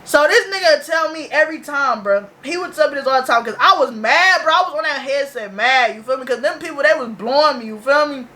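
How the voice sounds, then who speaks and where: High, bright-voiced young woman ranting casually. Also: expressive, fast, hardly any pauses. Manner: loose, profane slang-heavy storytelling. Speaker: reaction video host. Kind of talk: casual reaction vlog.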